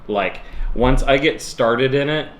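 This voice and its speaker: A man's voice: mid-range voice, a little slow. Laid-back man in echoey room. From United States. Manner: laid-back storytelling, chuckles. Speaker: vlogger. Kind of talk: casual couple chat to camera. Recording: echoey room with faint background hiss.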